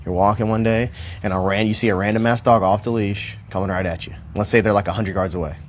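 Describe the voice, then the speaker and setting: A man's voice: fairly low pitch, steady tone, fast, a little hiss or hum. A man working as a dog trainer, talking casually and rambling a little in a park, with mild cursing. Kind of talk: casual livestream explanation. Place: outdoor park.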